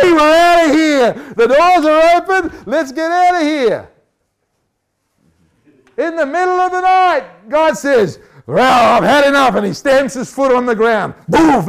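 A male preacher gives a sermon full of animated storytelling, repeatedly asking his listeners questions. His voice is smooth and high for a man.

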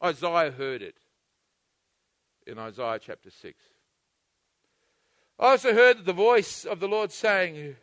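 A man preaching an impassioned sermon, surging loud at times and calling the congregation to repeat after him. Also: high voice, very animated, slow, pauses often, no echo.

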